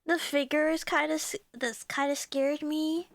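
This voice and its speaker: Young female streamer, high, slow, dry close sound; tearful, laughing reaction chat. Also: flat delivery, no room sound. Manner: emotional, tearful, laughs often.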